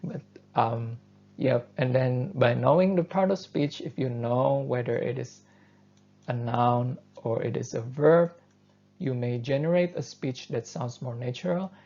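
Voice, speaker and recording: A man who is not a native English speaker, giving a university lecture and explaining step by step, often pausing on fillers. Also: mid-range voice. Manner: thoughtful, steady explaining with frequent fillers. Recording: dull lo-fi lecture recording.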